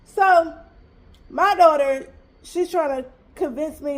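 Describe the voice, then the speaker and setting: A mother telling a story in an animated, emphatic, exasperated way. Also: sits high, slow. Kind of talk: storytime vlog.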